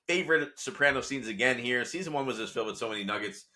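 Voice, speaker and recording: A man's voice: medium pitch, quick pace, pushed and bright. A man hosting a podcast, retelling scenes from a TV series in a loose conversational way full of asides. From Italian-American. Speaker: podcast host recapping a TV series. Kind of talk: casual episode recap talk.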